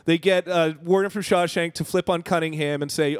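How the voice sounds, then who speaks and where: A man's voice: a little high, steady tone, a little fast, smooth, no room sound, studio quality. Chatty man adding movie details. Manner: chatty, adds details, sets up bits. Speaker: podcast co-host. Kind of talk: casual chat recapping a movie.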